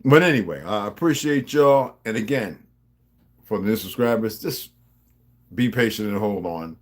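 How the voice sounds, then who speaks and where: A middle-aged man with a New Jersey accent rambles to his subscribers in a husky, lowish voice. His pitch leaps around animatedly as he swears and challenges his audience. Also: lively intonation, normal speed. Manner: rambling, profane, confrontational, chuckling asides. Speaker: vlogger. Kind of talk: rambling casual monologue to subscribers.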